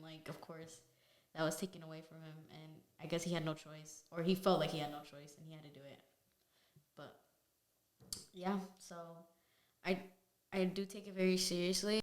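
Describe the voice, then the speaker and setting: Halting young woman in an echoey room. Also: fairly low pitch. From United States. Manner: emotional, halting, heavy use of filler words. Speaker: podcast co-host. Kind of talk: casual chat.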